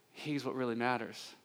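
A male pastor delivering a conversational sermon, self-deprecating and joking at times, his voice rising higher and louder when he gets animated.

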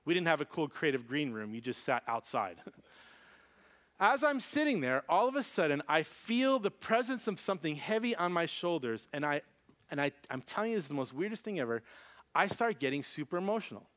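A man preaching a sermon, telling a personal story with animated delivery and acting out the voices in it. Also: on the high side, fairly quick. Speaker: pastor.

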